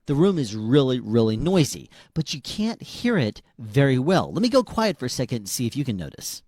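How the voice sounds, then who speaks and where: A man's voice: mid-range voice, very animated, a little fast, darkish tone, no room sound. A man casually reviewing and demonstrating a handheld dynamic microphone in a small room at home, talking close into it. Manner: conversational, demonstrating into different mics. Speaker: product reviewer.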